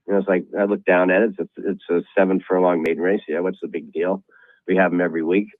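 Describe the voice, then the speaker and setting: A middle-aged man telling a horse racing office story on a call-in show, halting and rambling with many restarts. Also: low voice, steady tone, no room sound. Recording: tinny phone line.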